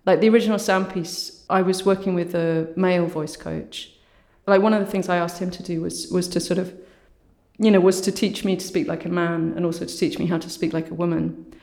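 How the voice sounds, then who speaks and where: A woman artist with a low voice, speaking thoughtfully as an interview guest and often saying "you know" and "sort of". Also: fairly even intonation, a little fast, gravelly, a little mellow. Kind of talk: reflective conversational interview. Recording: roomy echo.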